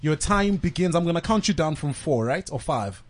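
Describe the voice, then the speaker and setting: A man hosting a radio show, chatty and energetic as he counts callers down and cuts them off. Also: a little high, normal speed.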